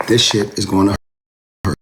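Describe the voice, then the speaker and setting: Over a noisy background, a man with a lowish, steady voice speaks at a moderate pace. Hosting a crypto video, he rebuts a viewer straight to the camera, addressing them directly in an emphatic, repetitive, taunting way.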